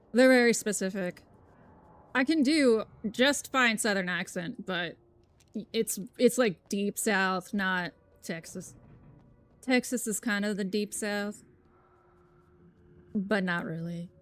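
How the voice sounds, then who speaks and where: A young woman streaming a game live, reacting loudly, swearing and shrieking at scares between chatty remarks. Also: medium pitch, slow pace, pauses often. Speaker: gameplay streamer. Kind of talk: live gameplay commentary.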